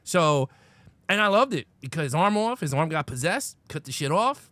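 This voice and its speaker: Higher-voiced man, animated and enthusiastic. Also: normal speed, dry recording. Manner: animated, enthusiastic storytelling with casual swearing. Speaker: podcast co-host. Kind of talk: casual film review chat.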